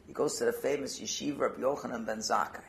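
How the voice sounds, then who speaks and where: A man teaching through storytelling, animated and conversational, swinging between loud stretches and hushed ones. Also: medium pitch, fast, gravelly, a little hiss or hum. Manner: conversational asides and restarts. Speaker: Torah teacher. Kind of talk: storytelling talk.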